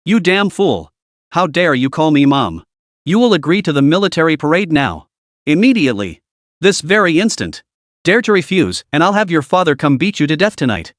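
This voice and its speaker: A man voicing a furious, violent mother who rants and yells threats at her son in an audiobook-style story. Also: fairly high pitch, sing-song, normal speed, dry recording, studio quality. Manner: ranting, yelling threats.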